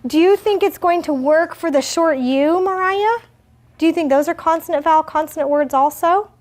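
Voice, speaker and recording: Woman, first grade teacher, high voice, slow deliberate modeling, gently questioning. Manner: slow, exaggerated word modeling. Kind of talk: classroom phonics lesson.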